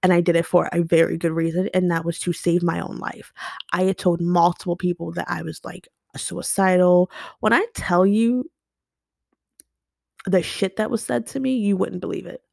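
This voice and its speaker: A young woman speaks into a home podcast mic with no script, blunt and emotional, swearing as she goes. Her voice sits low with a gravelly fry. The sound is dry and close. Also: little pitch movement, moderate pace, darkish tone, dry recording. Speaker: podcast host. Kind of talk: unscripted personal monologue.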